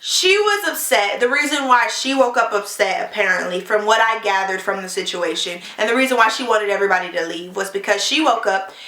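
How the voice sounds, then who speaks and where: A young woman telling a storytime on her vlog, animated and profane, acting out the quotes of the people in the story. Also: mid-range voice, fairly quick, few pauses, echoey room. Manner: animated, profane, fired-up retelling with acted quotes. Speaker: beauty vlogger.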